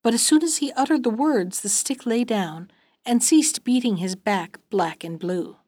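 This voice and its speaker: A woman hosting a storytelling show, reading a fairy tale aloud in a gentle, even way and closing with listener notes. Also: a little high, normal speed, dry recording. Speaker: storyteller and podcast host.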